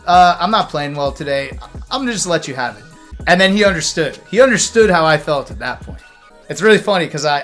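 High-voiced, animated male streamer. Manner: animated, profane, fired-up storytelling. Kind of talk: casual stream recap storytelling.

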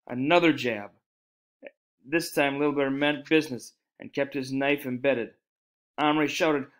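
A man's voice: medium pitch, normal speed, poor audio. Man reading a children's novel aloud. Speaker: reader.

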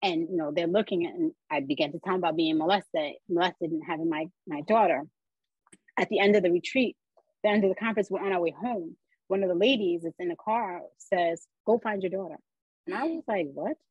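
Woman podcast guest, storyteller who acts out quotes, husky voice, dull lo-fi sound. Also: fairly low pitch, a little fast, darkish tone, no room sound. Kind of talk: personal storytelling.

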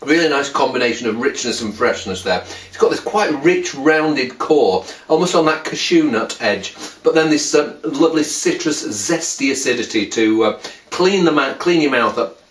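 A man's voice: medium pitch, lively intonation, moderate pace, far from the mic. Casual, wry male wine vlogger, talking off the cuff in a roomy space a little away from the mic. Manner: chatty, wry, full of restarts and asides. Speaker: wine reviewer. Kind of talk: casual wine tasting video. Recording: roomy sound, voice a bit off mic.

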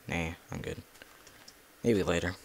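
A man's voice: sits low, steady tone, unhurried, creaky, slight background noise. Rambling young-sounding man playing a game. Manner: rambling, talks to himself and cusses at monsters. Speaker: gameplay video creator. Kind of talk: casual gameplay commentary.

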